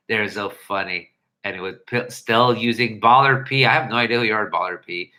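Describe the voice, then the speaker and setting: A man hosting a livestream, ranting in an animated, profane way into a headset mic. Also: on the low side, moderate pace, low-quality recording. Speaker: livestream host. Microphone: headset earpiece mic.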